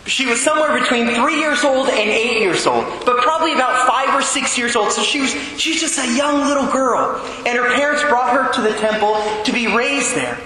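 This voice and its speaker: A man's voice: very high-pitched, animated, normal speed, few pauses, pushed and bright, slight background noise. A man giving a homily to schoolchildren, asking them questions as he teaches. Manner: asks the listeners questions as he teaches. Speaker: preacher teaching students. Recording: roomy echo, long reverb.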